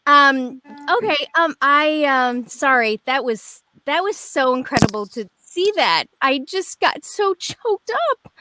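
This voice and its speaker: A woman's voice: high-pitched, slow pace, background noise. Chatty, rambling woman on a video call. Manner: animated storyteller, rambling with many fillers. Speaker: guest performer. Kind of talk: casual chat.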